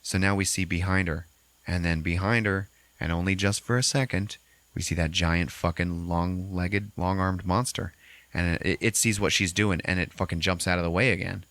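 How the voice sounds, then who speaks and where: A man hosting a podcast, recapping a movie in a casual, animated way with constant swearing. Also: low-pitched, normal speed, dry recording. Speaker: podcast host.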